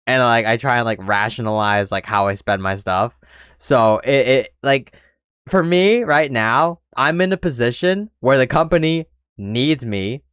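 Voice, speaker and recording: A man's voice: medium pitch, fairly bright tone, clear, resonant tone, no room sound, clean studio sound. A young man vlogging candidly, rambling and reflective as he talks through his feelings. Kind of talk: candid personal talk.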